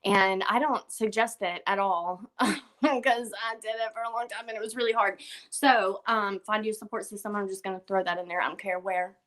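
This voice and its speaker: A woman's voice: mid-range voice, steady tone, normal speed, fairly bright tone. Earnest young woman giving a tearful tribute. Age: young adult. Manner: earnest, repeats words, chokes up. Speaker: guest speaker. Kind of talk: emotional tribute speech.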